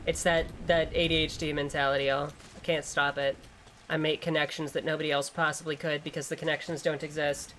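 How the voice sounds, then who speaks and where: A woman's voice: sits low, flat delivery, fairly quick, few pauses, fairly bright tone, a little hiss or hum. A woman streamer giving casual gameplay commentary, rambling, joking and swearing freely. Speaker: gaming streamer.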